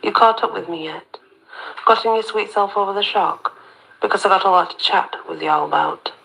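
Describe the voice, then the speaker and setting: A woman's voice: medium pitch, brisk, creaky, bright, forceful tone, husky, exaggerated voice, poor audio. A woman voicing a smug, charming male fairy colonel with a lilting Southern accent who teases as he talks. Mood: teasing. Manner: lilting, teasing, calls her sugar.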